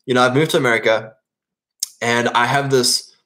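A man's voice: medium pitch, fairly even intonation, normal speed, pushed and bright. A man from England, preaching an informal sermon in a conversational way, often checking in with "right?" and restarting his phrases.

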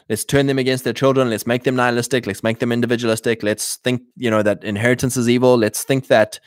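A man's voice: mid-range voice, dry recording, clean studio sound. A man in a casual livestream, talking in a rambling way with many fillers and restarts. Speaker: livestream host.

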